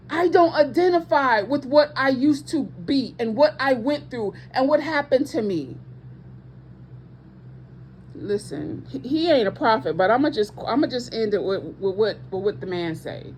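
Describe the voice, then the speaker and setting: A woman's voice: high voice, lively intonation, unhurried, a little mellow, slight background noise. A woman preaching with passion to online viewers as a ministry host, emphatic and repeating her points, with speech patterns and casual asides.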